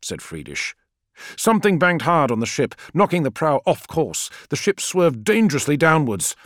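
A man reading a science-fiction audiobook as narrator, with measured, expressive storytelling. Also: a little high, no echo, studio quality.

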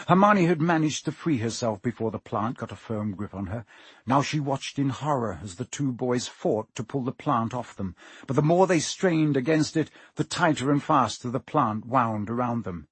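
A man narrating an audiobook with expressive, dramatic pacing. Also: mid-range voice, husky, dry recording. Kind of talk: audiobook reading.

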